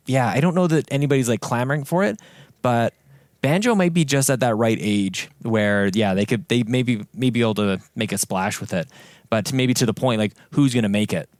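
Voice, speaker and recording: A man's voice: mid-range voice, no echo. Man co-host in dry, close sound. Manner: laughs easily, hesitant with fillers. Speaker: podcast co-host. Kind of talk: casual chat.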